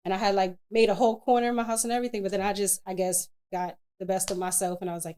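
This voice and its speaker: A woman's voice: medium pitch, fast, few pauses, clear, resonant tone. A woman spoken word poet, a guest on an interview show, talking candidly and colloquially about her work. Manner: candid, colloquial, expressive storyteller. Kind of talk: casual interview chat.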